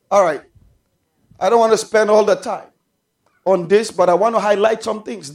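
A man preaching a sermon to his congregation, calling for amens and shouting out drawn-out phrases. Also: high voice, fairly even intonation. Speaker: pastor.

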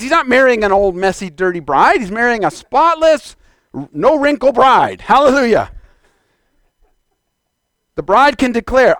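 A man preaching a fervent sermon in a church, exhorting the congregation and shouting declarations. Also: high voice, big pitch swings, measured pace, long pauses, no room sound, clean studio sound.

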